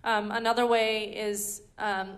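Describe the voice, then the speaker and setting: A woman's voice: mid-range voice, flat delivery, slow. A woman giving a conversational teaching talk at a ministry school, chatty and full of ums and restarts. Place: indoor teaching hall.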